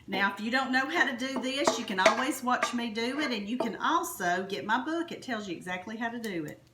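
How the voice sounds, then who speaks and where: A woman's voice: fairly high pitch, animated, a little fast, echoey room, background noise. A woman with a Southern US accent hosting a chatty home cooking demonstration, folksy and enthusiastic as she talks to her viewers. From Alabama, US South. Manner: folksy, enthusiastic, keeps addressing viewers as y'all. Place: home kitchen.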